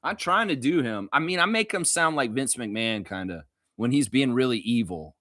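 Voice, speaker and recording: A man from Canada hosting a casual fan live stream, reading viewer comments aloud and reacting loudly, with a lot of swearing. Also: mid-range voice, normal speed, no echo, studio quality. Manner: loud, animated, swears freely, reads viewer comments aloud.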